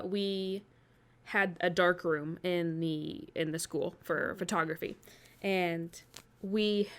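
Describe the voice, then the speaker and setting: A woman hosting a casual chat, telling rambling anecdotes and laughing easily. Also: on the low side. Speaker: host.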